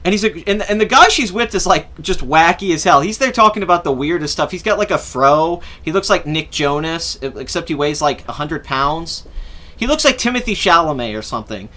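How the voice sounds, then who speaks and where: A man's voice: a little high, expressive, fairly quick, pushed and bright. A young adult man hosting a podcast, telling a long casual story in a rambling way, swearing freely and acting out what people said. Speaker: podcast host.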